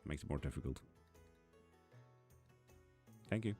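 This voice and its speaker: Speaking low and expressively at a normal pace, this Swedish tarot streamer sounds a little mellow as he chats with his audience over faint background music. He reads comments on his streaming mic and replies to viewers by name, casually and bluntly.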